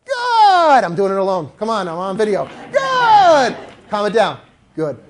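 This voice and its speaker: A woman's voice: medium pitch, fast talker, noisy background. A woman dog trainer teaching a live class, telling stories, acting out dogs and owners, and coaxing the group to repeat words after her.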